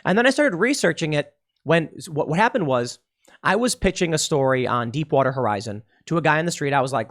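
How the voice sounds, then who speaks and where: A podcast host delivering a political commentary monologue, talking emphatically and repeating himself. He restarts his sentences often. His voice sits a bit higher than most men's. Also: lively intonation, a little fast, fairly bright tone.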